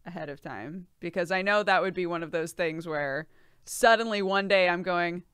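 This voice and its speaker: A woman's voice: lowish voice, moderate pace, a bit bright, smooth, no echo, clean studio sound. A young pregnant woman streaming, chatting casually with her viewers, laughing often and swearing freely. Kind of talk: casual chat with live chat.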